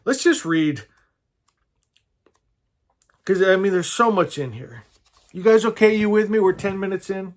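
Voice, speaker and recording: A spiritual teacher from California speaks in a high voice at a measured pace, leaving long pauses. His sermon is informal and earnest, wandering through personal stories with frequent restarts and asides to his listeners.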